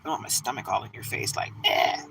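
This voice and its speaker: She's a fast talker with a fairly bright tone, a Detroit, Michigan, USA woman running a live tarot stream and casually greeting her viewers by name in a bubbly way. Poor audio with slight background noise.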